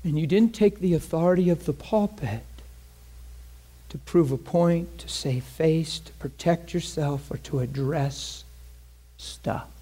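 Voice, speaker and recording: Male preacher, somewhat high voice, emotional testimony, voice cracking between hushed and loud. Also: a little slow, breathy edge. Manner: earnest storytelling with quoted speech. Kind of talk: testimony sermon.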